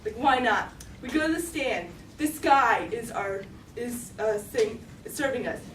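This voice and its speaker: A woman's voice: a little high, lively intonation, unhurried, a little hiss or hum. A teenage girl telling a story on stage, giggling often and filling her talk with "like". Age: teens. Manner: giggly, lots of "like". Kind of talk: live storytelling. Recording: roomy, distant mic, faint ambience.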